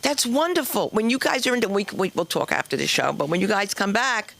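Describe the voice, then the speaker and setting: Animated woman hosting a comedy stage. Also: mid-range voice, brisk, gravelly. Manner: animated, chatty, teasing the audience. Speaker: comedy show host. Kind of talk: stand-up crowd work.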